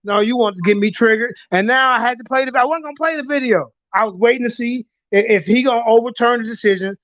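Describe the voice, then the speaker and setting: A man with a very high-pitched voice hosts a heated online group chat, ranting, swearing and circling back over his points. The sound is dry and close, with the muffled quality of call audio. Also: quick pace, a bit bright, no echo. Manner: ranting, profane, repeats himself. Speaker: show host.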